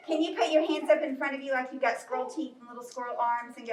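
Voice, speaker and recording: A woman leading a live storytime yoga class for children in a library room, giving slow, encouraging instructions. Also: sits high, steady tone. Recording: roomy, distant, faint noise.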